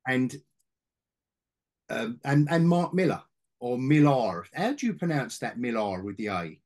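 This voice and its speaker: A man's voice: mid-range voice, big pitch swings, a little slow, a little mellow. A middle-aged man hosting a casual podcast chat about comics, rambling with restarts and asides. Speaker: podcast host, comic collector.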